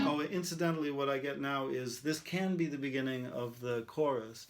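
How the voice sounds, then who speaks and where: A man's voice: medium pitch, moderate pace, few pauses. A man teaching songwriting, thinking aloud as he tries out rhymes and sung lines over a guitar. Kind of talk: songwriting demonstration, talking and singing.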